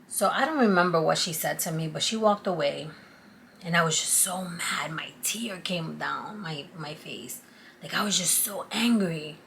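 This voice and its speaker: A woman vlogger telling a personal story to the camera in a casual, animated and confiding way. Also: fairly low pitch, normal speed, creaky, a little hiss or hum. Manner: animated, confiding, acts out quotes.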